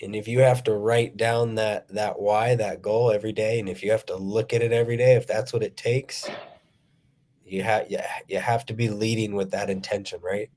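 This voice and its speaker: A man who works as a fitness trainer, talking in a relaxed, conversational way as a podcast guest. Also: lowish voice, moderate pace. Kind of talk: casual chat.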